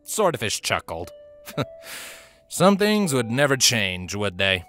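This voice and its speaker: A man narrating a fantasy audiobook in an even storytelling manner. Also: medium pitch, a little slow, faint music behind.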